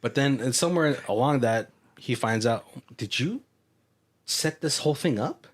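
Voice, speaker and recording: A man's voice: medium pitch, animated, moderate pace, breathy edge. Man, podcast co-host, casual movie recap, rambling, laughs often. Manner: rambling, laughing, acts out quotes.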